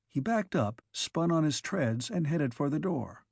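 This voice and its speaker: A man narrates a science fiction audiobook in a measured, even way. His voice sits a little high for a man, and the recording is dry and close with no room sound. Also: vocal fry, husky, no echo.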